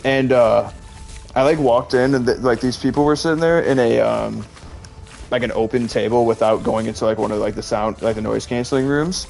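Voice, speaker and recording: Rambling young man with a gravelly voice. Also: mid-range voice, moderate pace, a little mellow, faint music behind. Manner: rambling, heavy use of "like", chatty storytelling. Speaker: streamer. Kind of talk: casual chat.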